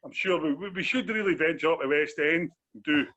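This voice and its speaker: A man's voice: a little high, fairly quick, bright, forceful tone. A Glaswegian man co-hosting a casual beer review podcast, rambling and repeating himself. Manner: rambling, repeats phrases, says "do you know what I mean". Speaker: podcast co-host. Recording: dull lo-fi sound.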